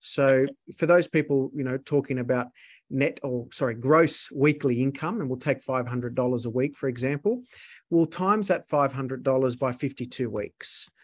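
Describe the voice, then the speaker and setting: Male accountant guest, mid-pitched voice, dry close sound, methodical explainer. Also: normal speed, no room sound. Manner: explains step by step with worked examples. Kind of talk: explanatory interview talk.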